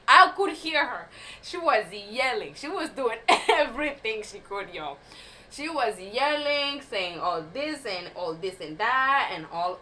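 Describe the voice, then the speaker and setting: A woman's voice: fairly high pitch, pushed and bright, low-quality recording. A young woman in a casual storytime vlog, talking animatedly, swearing and laughing often. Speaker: vlogger telling a story.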